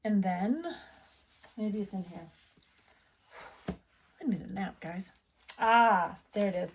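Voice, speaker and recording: Slow and mid-pitched, with a little hiss or hum on the recording, a middle-aged woman chats casually. She owns a needlework shop in the United States and tends to ramble and interrupt herself.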